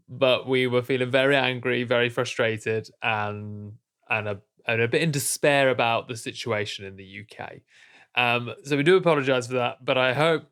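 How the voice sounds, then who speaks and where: A young man co-hosting a casual nature podcast, playful and quick to laugh. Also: medium pitch, clean tone. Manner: playful, laughs often, animated. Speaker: podcast co-host.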